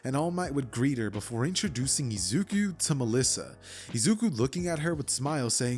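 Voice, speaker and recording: A man's voice: medium pitch, very animated, brisk, a little mellow, breathy edge, faint music behind. A man narrating an imagined story casually, chatting to viewers with asides. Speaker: fan storyteller.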